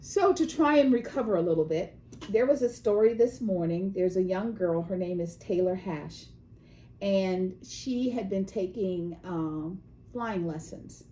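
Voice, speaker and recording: A woman from California co-hosts a relaxed chat, her voice mellow and warm. She tells news stories at an easy pace and slips into quick voices for the people she quotes. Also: medium pitch, a little hiss or hum, rough recording. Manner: storytelling, acts out quoted voices. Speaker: co-host. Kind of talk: casual chat.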